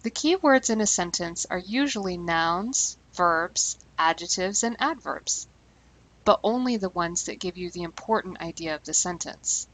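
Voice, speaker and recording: A woman language teacher giving scripted instructional narration, speaking clearly and slowing down deliberately on key terms. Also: lowish voice, lively intonation, a bit bright, low-quality recording.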